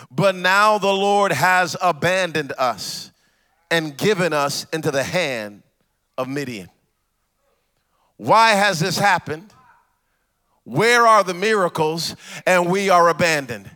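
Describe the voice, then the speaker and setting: A man's voice: high-pitched, lively intonation, a little slow, sharp tone. A man preaching a sermon as pastor, repeating questions rhythmically and adding humorous asides.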